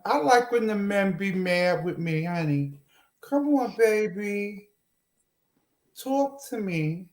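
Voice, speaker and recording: A man's voice: high-pitched, roomy sound. A man voicing a flirty, sassy woman host who sweet-talks and teases her guests on a casual chat show. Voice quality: coaxing, teasing, sweet-talking.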